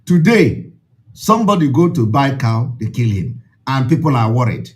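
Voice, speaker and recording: A man's voice: medium pitch, big pitch swings, normal speed. A man with a Nigerian accent, an Igbo speaker, addresses his followers in an impassioned, repetitive, preaching way.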